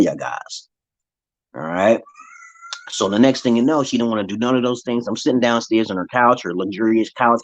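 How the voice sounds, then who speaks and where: A man's voice: medium pitch, no room sound. Profane man telling a story. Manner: profane, animated, acts out quoted voices. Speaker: vlogger. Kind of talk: casual storytelling monologue. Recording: dry, dull lo-fi sound.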